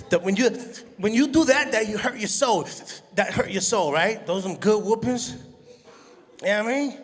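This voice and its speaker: This is a stand-up comedy routine by a middle-aged man of Puerto Rican heritage, who tells animated stories and plays his mother with shrill shrieks. It's recorded amid a show hall's long reverb.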